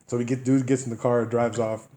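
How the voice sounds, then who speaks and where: A man's voice: medium pitch, flat delivery, a little fast, mellow, roomy sound. A man co-hosting a podcast, telling stories in casual chat, acting out quoted people in voices and laughing often. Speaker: podcast co-host.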